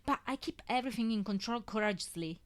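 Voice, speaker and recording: A woman reading a fanfiction story aloud in the first person, with a measured, emotional delivery. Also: on the high side, expressive. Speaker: fanfiction reader.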